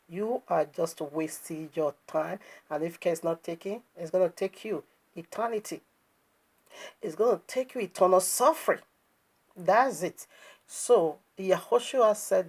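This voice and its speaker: A woman's voice: fairly low pitch, darkish tone, husky. A woman preaching, emphatic and scornful, asking rhetorical questions as she critiques a video. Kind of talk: sermon commentary on a video.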